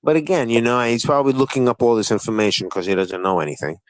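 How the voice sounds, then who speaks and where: A man's voice: mid-range voice, fast, no echo, poor audio. A man hosting a heated livestream panel, swearing freely and needling his guests in a combative, mocking tone. His voice sits in an ordinary middle register and is recorded close and dry, with no room sound around it. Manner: profane, taunting and combative.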